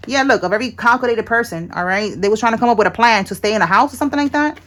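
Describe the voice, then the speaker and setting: A woman's voice: on the high side, very fast, a bit bright. Blunt, slangy woman reading tarot. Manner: blunt, slangy and swearing, with frequent "all right?" check-ins. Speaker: tarot reader.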